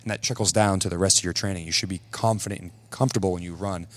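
A man's voice: low-pitched, steady tone, very fast. A man coaching athletes in casual chat, blunt and ready to swear. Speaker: fitness coach.

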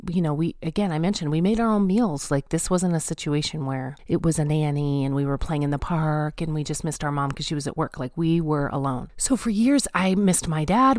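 A woman with a lowish voice tells her faith story in an earnest, emphatic way, often repeating phrases for weight. She speaks straight to her listeners. The sound is close and dry, with no room echo. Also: a little mellow. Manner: addresses listeners directly. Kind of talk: personal testimony talk.

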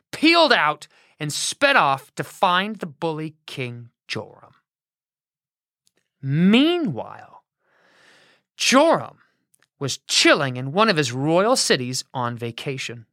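A woman narrating a children's Bible story in a playful, expressive way, close to the mic. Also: fairly low pitch, slow pace, no echo.

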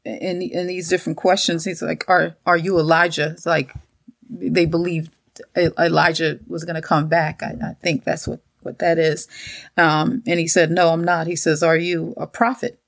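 A woman with a low, gravelly voice reads Bible verses and then retells them in her own casual words. The recording is close and dry. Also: flat delivery, normal speed, no echo. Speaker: co-host of a Bible study talk. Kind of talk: scripture reading and casual discussion.

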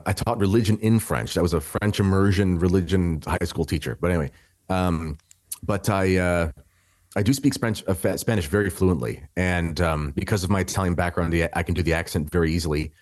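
A man's voice: deep voice, moderate pace, darkish tone, no echo. A man in his thirties from Canada, a podcast guest telling his story in a rambling, conversational way, full of restarts and fillers.

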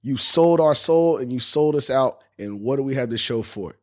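A man's voice: mid-range voice, expressive, moderate pace. A man hosting a fan sports podcast, ranting in a heated, indignant way and cursing freely. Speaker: podcast host.

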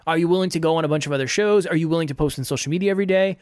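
A man's voice: on the high side, expressive, rapid-fire, no room sound, clean studio sound. A man hosting a podcast, giving earnest, repetitive motivational coaching advice in a solo talk.

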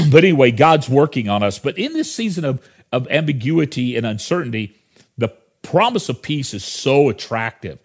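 A middle-aged man preaching from the pulpit in an easygoing, conversational way. His pitch sits right in the middle for a man, and he keeps stepping aside from the point to add remarks to the congregation. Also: very animated, moderate pace, breathy edge. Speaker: pastor. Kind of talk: sermon.

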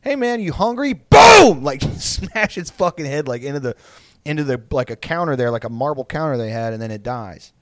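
A man's voice: mid-range voice, brisk, no echo, clean studio sound. A young man on a podcast telling a rambling, profane story in casual chat, full of likes and ums. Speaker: podcast co-host.

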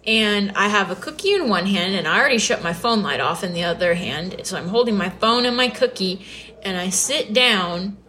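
A woman's voice: mid-range voice, animated, normal speed, bright, forceful tone. A young woman hosting a podcast, telling a story in a chatty way with lots of filler words. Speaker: podcast host. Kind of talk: casual storytelling.

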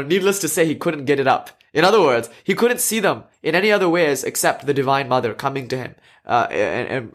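A man giving a conversational lecture, telling a story earnestly with asides and fillers. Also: fairly high pitch.

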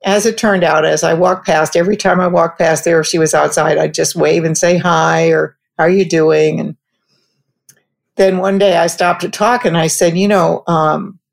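A woman telling a personal anecdote in a reflective, halting way, often restarting her sentences. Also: fairly low pitch, gravelly. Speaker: storyteller. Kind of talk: personal anecdote told conversationally.

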